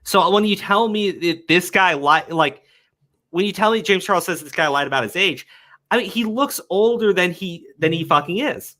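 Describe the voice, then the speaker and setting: A man's voice: high voice, moderate pace, sharp tone. A man hosting a commentary stream, talking heatedly, swearing often and repeating words as he goes. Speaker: commentary show host. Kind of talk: casual commentary chat.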